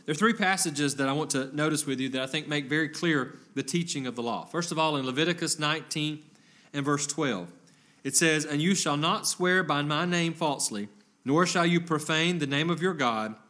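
A man preaching a sermon in an earnest, measured way, reading scripture aloud with some fillers. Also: fairly high pitch, fairly bright tone.

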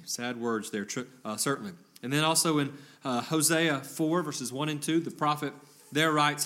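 Earnest male preacher, slightly high voice. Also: bright, forceful tone. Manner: measured, earnest reading of scripture with some fillers. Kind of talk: sermon.

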